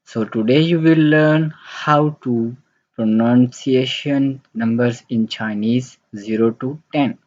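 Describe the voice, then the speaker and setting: A man teaching a beginner language lesson, speaking deliberately in simple, halting English and repeating each word several times. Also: mid-range voice, darkish tone, dull audio. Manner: simple, halting non-native English phrasing.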